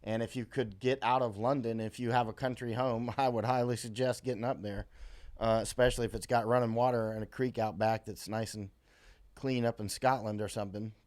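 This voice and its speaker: An American man runs his own live stream, speaking directly into a computer mic as he answers viewer comments. His talk is casual and rambling, packed with fillers and restarts, delivered fairly quickly in an ordinary mid-pitched, steady, slightly mellow voice.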